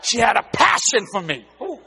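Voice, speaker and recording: An older man preaching a sermon, telling joking stories with exuberant bursts of shouting. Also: extremely high pitch, huge pitch swings, moderate pace, gravelly, a little hiss or hum.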